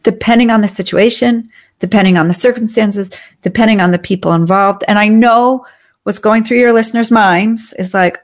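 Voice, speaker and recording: A woman's voice: mid-range voice, moderate pace. A woman, a leadership trainer and coach, explaining her ideas as an interview guest in a confident, upbeat way.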